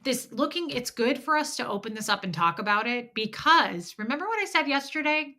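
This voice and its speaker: A woman's voice: a little high, animated, brisk, bright, forceful tone. A middle-aged woman talking candidly and rambling on a livestream, a little stuffy-nosed, greeting viewers by name. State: stuffy nose. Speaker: livestream host. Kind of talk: casual livestream chat.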